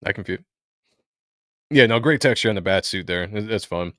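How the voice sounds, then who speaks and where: Laid-back low-voiced man chatting comics. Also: a little fast, a bit bright, no echo, clean studio sound. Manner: laid-back, laughs often, reads viewer comments aloud. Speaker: comic book stream co-host. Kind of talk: casual chat reading comics and chat messages.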